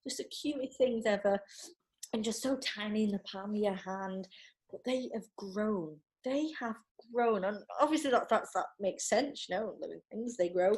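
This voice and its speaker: A woman's voice: medium pitch, normal speed. A woman in casual conversation as a podcast guest, telling stories chattily with lots of fillers and laughter. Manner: chatty, animated storytelling with frequent laughs and filler. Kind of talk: casual chat.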